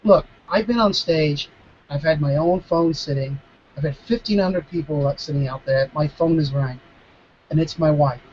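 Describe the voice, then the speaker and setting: High-voiced man telling stage stories. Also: moderate pace, dull audio, a little hiss or hum. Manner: animated, acting out dialogue, frequent restarts. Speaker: mentalist guest. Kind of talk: casual storytelling Q&A. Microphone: video call.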